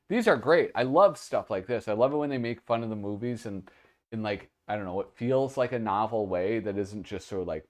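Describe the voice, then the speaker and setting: A man's voice: on the low side, expressive, normal speed. A sleepy man hosting a casual commentary, rambling and hesitant with lots of fillers. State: sleepy, yawning. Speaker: host.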